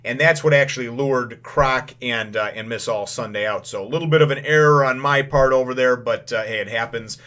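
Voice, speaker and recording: A man's voice: medium pitch, sharp tone. Rambling man recapping a manga chapter. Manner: rambling, full of filler phrases; acts out lines in quick paraphrase. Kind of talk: casual first-impressions recap.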